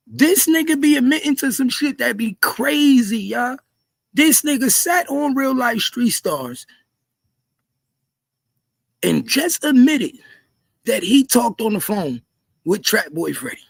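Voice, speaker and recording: A man doing heated livestream commentary, repeating himself in disbelief and often shouting. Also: extremely high pitch, big pitch swings, takes it slowly, gravelly, long pauses, husky, dry recording. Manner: repetitive, incredulous, frequently shouting. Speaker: commentary streamer.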